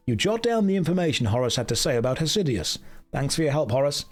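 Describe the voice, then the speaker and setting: A man's voice: a little high, big pitch swings, fast talker. Joking man streaming a game. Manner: joking, dry, self-mocking. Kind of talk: casual live-stream chat.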